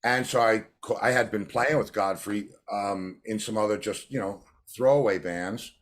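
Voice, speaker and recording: A man's voice: on the low side, moderate pace. A male drummer and producer being interviewed, telling anecdotes and acting out the voices of the people in them. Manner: animated storyteller who acts out quoted voices.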